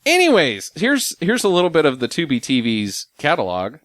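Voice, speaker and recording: A man's voice: a little high, wildly swooping pitch, normal speed, a bit bright, dry recording, studio quality. A man hosting a casual movie podcast, upbeat as he runs the segments and a quiz game. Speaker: podcast host and quiz master.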